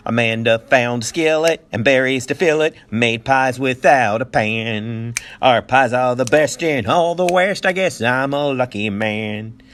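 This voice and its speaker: A cheerful pioneer father from a storybook, as a male reader acts him out, sing-song and lively. His voice swings widely in pitch as he croons. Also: brisk, few pauses, a little hiss or hum, heavily acted. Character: cheerful pioneer father, baker who sings.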